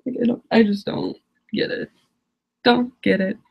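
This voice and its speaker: A woman's voice: on the high side, steady tone, normal speed, creaky, breathy edge, highs cut off. A teenage girl ranting on a live stream, exasperated and rambling, laughing often. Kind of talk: casual live-stream rant.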